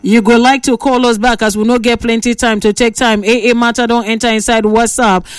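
A woman with a Nigerian accent hosting a call-in radio show, giving lively, scolding advice. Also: a little high, a little fast, dry recording, studio quality, recorded from a distance. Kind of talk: call-in radio talk in Pidgin.

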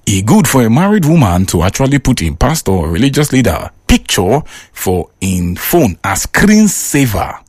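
A lively Nigerian man hosts a call-in radio show, his pitch swinging widely as he talks. His voice sits close and dry on a studio mic, with no room around it. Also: dry recording. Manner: lively, animated, laughing often.

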